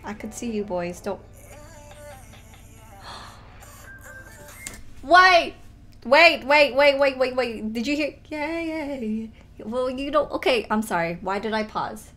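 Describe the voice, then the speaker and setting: A young woman reacting to a video in casual, animated commentary, often exclaiming and laughing. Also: on the high side, normal speed. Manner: animated, exclaiming and laughing at what she watches. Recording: music playing behind her voice. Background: faint music.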